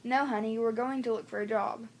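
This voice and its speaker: A woman doing a soft, caring mother. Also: on the high side, fairly even intonation, quick pace, slight background noise, natural voice. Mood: tender. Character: caring mother of a hurt teenage son.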